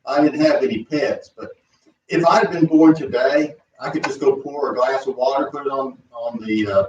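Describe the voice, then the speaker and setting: A man's voice: medium pitch, moderate pace. Folksy rambling male radio guest. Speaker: radio guest, school board candidate. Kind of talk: casual on-air chat. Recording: roomy, distant, dull sound with faint noise.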